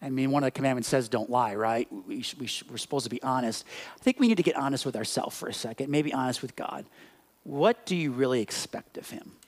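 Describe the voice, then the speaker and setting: A man preaching a sermon in an animated way, acting out little scenes and voices before dropping into soft, quiet reflection. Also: mid-range voice, quick pace. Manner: animated, acts out scenes and dialogue. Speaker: pastor.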